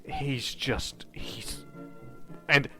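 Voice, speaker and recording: A man's voice: mid-range voice, fairly even intonation, extremely slow, bright, forceful tone, faint music behind. A man narrating a tabletop horror game as game master, rambling and descriptive with many fillers.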